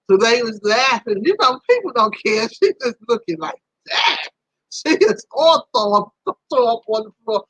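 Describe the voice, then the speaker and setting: A woman hosting a live stream, telling a personal story in a casual, animated way, laughing and her voice leaping high at the embarrassing parts. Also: moderate pace, breathy edge, no echo, low-quality recording.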